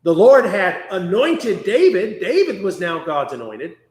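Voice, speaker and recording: A man leading a conversational Bible study, chatty and animated, often acting out quotes. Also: high voice, a little slow. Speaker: Bible class teacher. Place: church classroom. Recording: echoey room.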